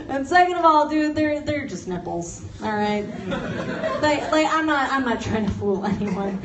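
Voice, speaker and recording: Young woman doing standup, kinda high voice, giggly and self-mocking, echoey room, mic far off. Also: animated, a little slow, a crowd in the background. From Los Angeles. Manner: chatty, self-mocking, laughs through her lines. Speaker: stand-up comic. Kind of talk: stand-up comedy set. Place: office turned into a comedy venue. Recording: roomy office space, mic at a distance, noisy.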